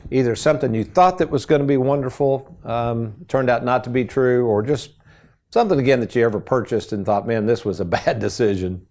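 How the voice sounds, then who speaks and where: A middle-aged man hosting a financial radio show, telling folksy stories in a casual, animated way. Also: medium pitch. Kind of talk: casual radio chat and storytelling.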